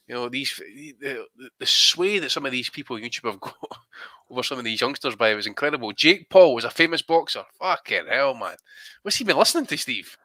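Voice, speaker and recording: A man with a bright, forward voice co-hosts a boxing podcast, blunt and full of jokes and swearing. The recording is dry and close-miked. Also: medium pitch, animated, a little fast, dry recording. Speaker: podcast co-host. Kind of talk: casual boxing chat.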